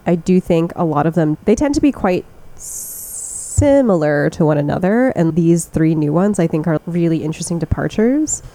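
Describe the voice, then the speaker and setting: A woman's voice: fairly low pitch, expressive, moderate pace, mellow, no room sound, rough recording. A young woman co-hosting a casual chat, describing scents in detail and laughing often. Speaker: podcast co-host. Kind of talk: casual chat about fragrances.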